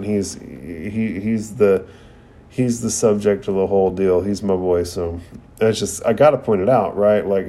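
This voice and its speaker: A man's voice: deep voice, warm tone. A man casually recapping and reviewing an anime episode, rambling and profane with lots of "like".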